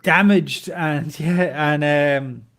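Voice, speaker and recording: A man talks in a loose, rambling way, often laughing at his own jokes. His voice sits a little higher than most men's. He is a guest in a casual podcast chat. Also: takes it slowly, fairly bright tone.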